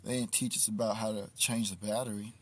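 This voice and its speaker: A man's voice: lowish voice, level tone, fast, breathy edge. A man hosting a casual livestream outdoors at night in the cold, talking on a phone in a laid-back, reflective way. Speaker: livestream host.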